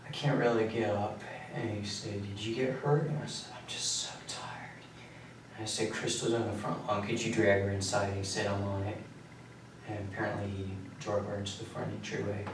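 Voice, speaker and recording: Sounding exhausted, a young man in his late teens gives his account during a police interview, his somewhat low voice quiet, halting and meandering. He's captured from a distance in a stark interrogation room with strong echo and a light underlying hiss.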